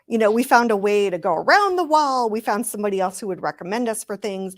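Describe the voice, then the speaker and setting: A woman in her fifties answers as a panel guest. She speaks earnestly and haltingly, often repeating words as she gathers her thoughts. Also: medium pitch, lively intonation. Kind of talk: panel conversation.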